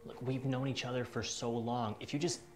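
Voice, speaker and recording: A man's voice: medium pitch, little pitch movement, a little fast, lightly acted. An actor playing a meek, devoted young man who speaks earnestly and pleads with his friend, in a skit recorded in a roomy space with music underneath. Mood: pleading. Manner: soft-spoken, earnest, pleading.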